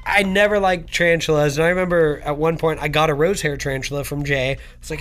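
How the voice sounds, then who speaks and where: A young man co-hosts a casual podcast. His voice sits a touch high for a man, and he rambles through stories in an easygoing way. A faint hiss of noise sits behind him. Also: fast, fairly bright tone. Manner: laid-back storytelling with lots of "like" and "dude". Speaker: podcast co-host. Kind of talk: casual chat.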